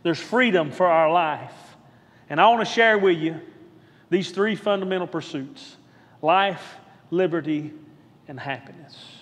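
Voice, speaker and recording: A man's voice: on the high side, measured pace, big-room sound. A man who is a pastor, preaching a sermon with rhythmic repetition and calling out to the congregation for a response. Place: church sanctuary.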